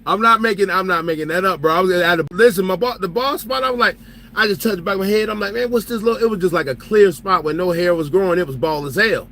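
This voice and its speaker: A man's voice: sits high, fast talker, pushed and bright, low-quality recording. A man who drives trucks, telling stories in loose casual chat, joking and laughing as he talks. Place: truck cab.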